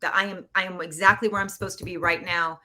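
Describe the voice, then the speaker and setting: A woman guest on a podcast telling a personal story in a casual, animated way, acting out quoted voices and getting teary. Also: fairly low pitch, fast. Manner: animated, acts out quoted voices, laughs often. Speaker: podcast guest, producer and actor. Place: Los Angeles.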